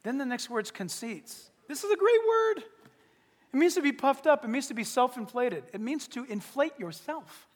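Very high-voiced, animated male preacher. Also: normal speed, long reverb tail. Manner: humorous, animated, acts out little scenes. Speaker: pastor. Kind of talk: sermon.

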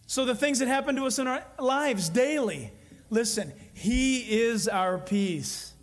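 A man with a fairly high voice, preaching a sermon. He tells stories in an earnest way and draws out the phrases he wants to stress. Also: animated. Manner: earnest, storytelling preacher with emphatic slowed phrases. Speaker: pastor.

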